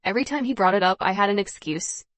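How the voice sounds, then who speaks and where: A woman's voice: mid-range voice, quick pace, no echo. Woman reading a first-person drama story.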